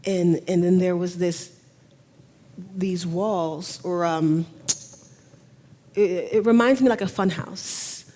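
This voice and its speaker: A woman giving an emotional talk on camera, speaking in a halting way and often restarting her sentences. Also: lowish voice, fairly even intonation, mellow. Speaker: speaker at a talk on remote viewing. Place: in front of a camera.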